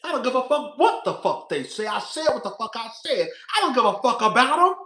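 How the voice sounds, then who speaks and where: A man's voice: very high-pitched, big pitch swings, brisk, pushed and bright, echoey room, rough recording. A man reviewing a reality show, over-the-top and dramatic, swearing freely and swinging from hollering to whispering. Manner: profane, chatty, calls listeners "girl". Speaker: TV recap vlogger.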